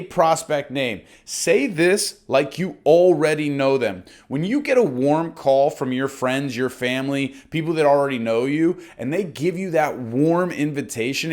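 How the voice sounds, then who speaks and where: A young man coaching real estate agents on cold-call scripts, speaking energetically and confidently. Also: a little high. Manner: energetic, confident, demonstrates lines aloud. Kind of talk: course lesson on phone scripts.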